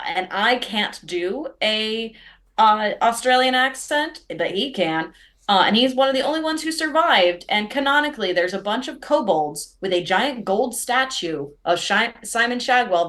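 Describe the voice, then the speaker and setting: A woman chatting at a tabletop game, with a medium-pitched voice. She tells stories in a loose, rambling way. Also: a bit bright. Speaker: player. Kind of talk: casual chat during a tabletop game.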